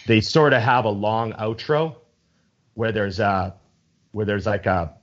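A man with a fairly low voice chats casually and a little slowly, rambling loosely. He's enthusiastic and swears freely, and the recording sounds dull and lo-fi.

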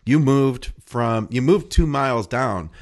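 A man hosts a casual interview at a mid-range pitch. He agrees easily and backs up his guest. His questions come in a relaxed, conversational way. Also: measured pace. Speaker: podcast host.

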